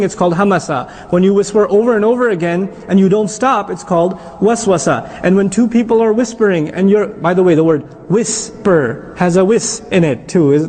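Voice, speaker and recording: Middle-aged guy teaching a religion class, high-pitched voice, lively, keeps quizzing the room. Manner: animated, quizzes the audience. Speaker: Islamic teacher.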